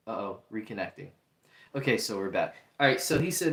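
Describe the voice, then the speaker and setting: This young livestream host reads chat comments aloud while chatting casually in an earnest, repetitive way. His medium-pitched voice is expressive and fairly bright, moving at a normal speed, and the recording has a roomy echo.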